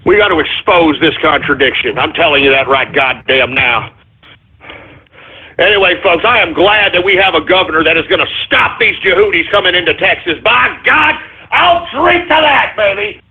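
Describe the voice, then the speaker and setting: A man uses an exaggerated, high-pitched, slightly rough voice with lively intonation to play a blustering Texan radio host. His moderately paced parody rant is full of cursing, stumbles over words and drunk-sounding bravado, heard through tinny, phone-like radio sound.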